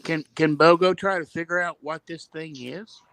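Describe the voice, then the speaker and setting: A man's voice: on the high side, fairly even intonation, moderate pace, vocal fry, a bit bright, dry recording. A man playing a tabletop game, speaking in an eager, playful way. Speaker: player.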